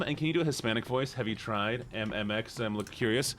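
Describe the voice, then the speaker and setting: A man's voice: medium pitch, a little fast, a bit bright, a little hiss or hum. A young man streaming a game, chatting casually and joking with his chat, often slipping into silly voices. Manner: playful, jokey, reacts to chat and breaks into silly voices. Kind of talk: casual gameplay livestream chat.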